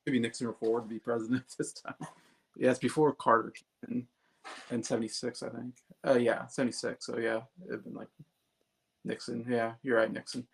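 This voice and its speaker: Guy with a gravelly voice, rambly casual album chat, lots of restarts. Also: mid-range voice, level tone, normal speed. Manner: rambling, hesitant, many restarts. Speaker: album review co-host.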